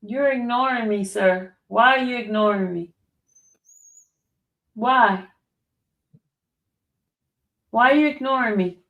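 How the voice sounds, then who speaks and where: A woman's voice: fairly high pitch, slow pace, long pauses, dull audio. A woman chatting casually with her viewers and teasing her dog with playful questions.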